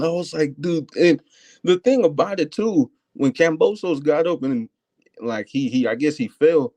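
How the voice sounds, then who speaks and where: Excitable male caller, dry sound. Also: a little high, moderate pace, no room sound. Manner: rambling, excitable, full of fillers. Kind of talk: casual phone-in chat.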